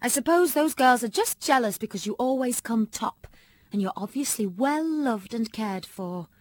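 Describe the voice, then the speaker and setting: An anxious, doting mother, played by a woman reader, emphatic and fussing over her child. The voice sits rather high, and the sound is dry and close. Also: lively intonation, moderate pace, no echo. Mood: worried insistent. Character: anxious, doting middle-aged British mother.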